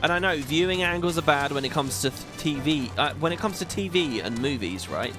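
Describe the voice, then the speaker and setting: A man talks through a game playthrough in a lively, fairly high voice whose pitch jumps around as he rambles and weighs in with opinions. Game music runs steadily under his commentary. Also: brisk. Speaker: gaming video host.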